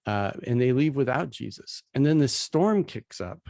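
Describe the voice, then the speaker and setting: A man's voice: medium pitch, animated, moderate pace, vocal fry, darkish tone, no echo. A man casually teaching a Bible passage, retelling its scenes in plain, everyday slang as he walks through slides.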